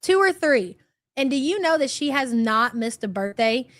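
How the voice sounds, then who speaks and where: A woman's voice: sits high, animated, normal speed, a bit bright, no echo, studio quality. A woman in her thirties with a light American country twang, hosting a livestream and reading out viewer chats in a brash, profane, sarcastic way. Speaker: livestream host.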